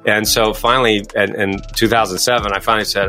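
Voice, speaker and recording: A middle-aged man talking as a guest in an interview, coaching and explaining his method in a quick, emphatic way. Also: lowish voice, soft background music. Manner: fast, energetic, emphatic. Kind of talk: interview answers.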